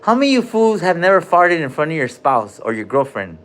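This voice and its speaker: A man's voice: on the high side, very animated, a little fast, a bit bright. A man rambling loosely on a live stream from a hospital room, cursing and dropping slang as he jumps between topics.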